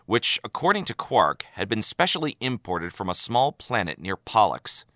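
A male narrator reading a story with lively, expressive delivery. His voice is lowish but bright, recorded close and dry. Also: normal speed, no echo. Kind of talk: audiobook narration of fan fiction.

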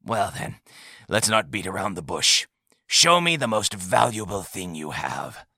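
A gentle, understated old village leader in a storybook, deep-voiced and crisp in tone, speaking with easy calm, as a male narrator puts him on. His voice is quiet and dry, with a close, dead sound. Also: unhurried, no echo, full character voice.

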